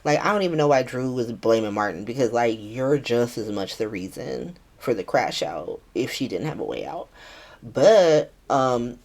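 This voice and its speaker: Casual podcast host, woman, low voice, chatty and profane, slips into character voices for quotes. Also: expressive, normal speed, darkish tone. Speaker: podcast host recapping a soap opera. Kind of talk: casual recap chat.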